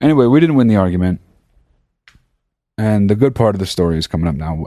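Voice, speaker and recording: A man tells a story on his own podcast as a casual monologue, loose, rambling, and profane, retelling it with real animation. He talks fast in a lowish voice but leaves long pauses. The sound is clean studio audio with no echo.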